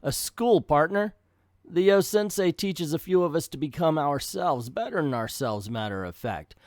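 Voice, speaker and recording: A cheerful young male martial arts student with a folksy, easygoing way of talking, as a man reads him out from a comic. The voice sits a little high and bright, and it is recorded close and dry. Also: animated, normal speed, dry recording, natural voice. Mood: friendly. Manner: friendly, folksy.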